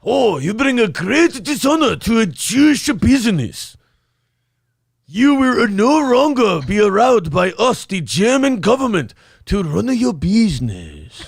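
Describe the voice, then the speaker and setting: A man's voice: high-pitched, sing-song, measured pace, creaky, husky, dry recording, studio quality, pitched above the performer's own voice, exaggerated voice. A man putting on a bossy, exaggerated mock German officer voice in a comedy bit. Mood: mock stern. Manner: exaggerated mock accent, shouty.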